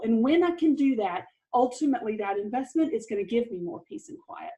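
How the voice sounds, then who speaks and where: Mom teaching a parenting class, earnest and encouraging, bit high pitched. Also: female voice, lively intonation, a little fast, hardly any pauses, dark tone, low-quality recording. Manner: earnest and encouraging, laughs lightly. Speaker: parenting course presenter. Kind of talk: parenting lesson talk.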